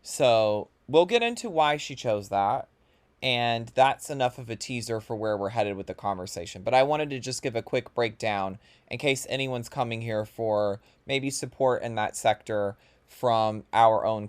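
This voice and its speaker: A man's voice: fairly low pitch, moderate pace. A man hosting a casual podcast, upbeat and bubbly, laughing often with his guest. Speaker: podcast host.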